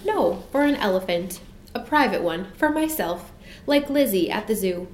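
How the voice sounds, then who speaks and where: A woman's voice: expressive, moderate pace, reverberant, slight background noise, lightly acted. A woman voicing a curious little boy who speaks eagerly in a raised voice. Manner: eager, pleading, high-pitched.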